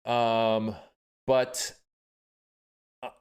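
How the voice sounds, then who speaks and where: Man, comedian guest, mid-pitched voice, lively storytelling, mimics people he quotes. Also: very slow, clear, resonant tone. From Iran. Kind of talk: conversational podcast interview.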